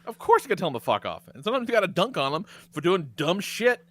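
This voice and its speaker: Lively, bright-voiced male podcast host. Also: high-pitched, quick pace. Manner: profane, animated storyteller who laughs a lot. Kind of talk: casual podcast chat.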